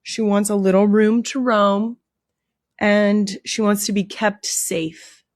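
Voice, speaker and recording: A young woman hosting a podcast, talking in a gushing, excitable way and slipping into hushed whispers when she coos. Her voice sits at an ordinary pitch for a woman. It is recorded dry and close, with no room sound. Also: slow pace, no echo. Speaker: podcast host. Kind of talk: casual chat. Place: indoor studio.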